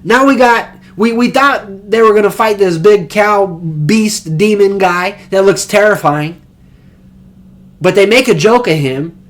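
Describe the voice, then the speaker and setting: A young man casually recapping an anime episode, rambling and excited, with slang and swearing. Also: high-pitched, a little slow. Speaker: anime reviewer.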